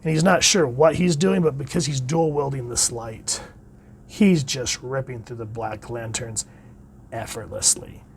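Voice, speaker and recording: A man reviews a comic book solo and casually, reading its dialogue aloud with enthusiasm while his phrases often trail off quietly. His voice is mid-range and a little slow, with slight hiss or hum.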